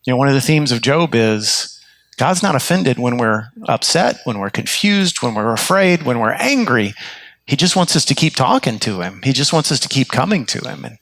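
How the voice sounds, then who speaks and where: Male pastor, sermon delivery, earnest storyteller, slightly high voice, dry close sound. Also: fairly bright tone, no room sound. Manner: earnest storytelling preacher with frequent restarts. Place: church sanctuary.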